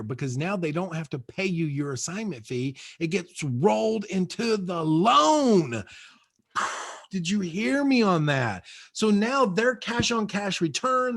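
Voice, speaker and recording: Upbeat man giving a punchy seminar pitch. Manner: punchy, repetitive, exhorting. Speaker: guest speaker and real estate coach. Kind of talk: motivational seminar talk. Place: his own house.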